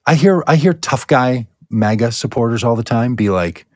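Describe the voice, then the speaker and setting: A man rants with heavy sarcasm on a political chat show. His voice is caught dry and close, with no room sound. He speaks at an ordinary, mid-range pitch. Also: expressive, normal speed, a little mellow, no room sound. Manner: sarcastic, ranting. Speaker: co-host.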